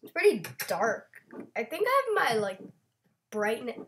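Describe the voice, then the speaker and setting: A woman's voice: a little high, big pitch swings, a little slow, fairly bright tone, a little hiss or hum. A young woman casually chatting while playing a block-building game, playful and a bit self-conscious. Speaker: Minecraft channel host. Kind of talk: casual gameplay chat.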